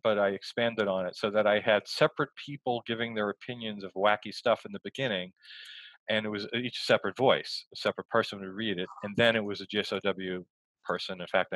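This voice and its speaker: A man, a guest, telling stories in a rambling, quick conversational way over a video call. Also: lowish voice, a bit bright, no room sound, rough recording. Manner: rambling, quick storytelling with restarts. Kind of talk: casual conversation.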